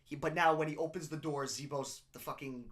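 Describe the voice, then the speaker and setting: Animated young man retelling a show. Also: a little high, fairly quick, slight background noise. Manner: animated storytelling, frequent swearing and laughter. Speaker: podcast co-host. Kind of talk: casual chat, retelling a TV episode.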